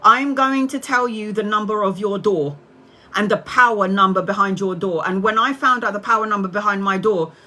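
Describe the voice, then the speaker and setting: A woman's voice: mid-range voice, normal speed, bright, forceful tone, low-quality recording. A middle-aged woman hosting a tarot livestream, telling a story to her viewers in a candid, chatty way and swearing casually. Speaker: tarot reader livestream host.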